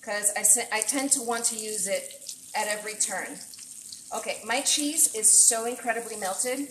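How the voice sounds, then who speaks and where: A woman's voice: fairly high pitch, moderate pace, fairly bright tone, echoey room, a little hiss or hum. A woman chef cooking at home on a casual livestream, chatting to viewers in a gushing way and dropping in Spanish phrases. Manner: gushing, exclaims often, mixes in Spanish phrases. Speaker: chef streaming a cooking session. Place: home kitchen.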